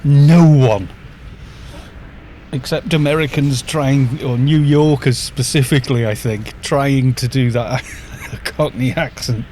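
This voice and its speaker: A man's voice: medium pitch, steady tone, unhurried, a little mellow, slight background noise. A middle-aged man from North Wales with a Welsh accent, chatting casually and joking with viewers while live-streaming a game. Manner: chatty, joking, reads chat aloud.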